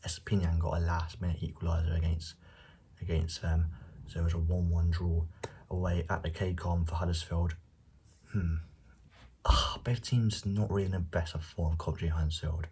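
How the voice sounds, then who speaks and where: A young man casually giving football predictions on his channel, speaking quietly and at times near a whisper, recorded at home late at night without a proper microphone. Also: low voice, little pitch movement, moderate pace, a little hiss or hum. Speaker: football vlogger. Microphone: no dedicated microphone.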